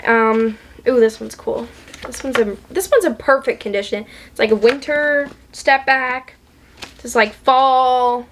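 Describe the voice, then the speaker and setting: Chatty, higher-voiced woman book vlogger. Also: a little slow, background noise. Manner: chatty and gushing, many ums and likes. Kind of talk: casual chat.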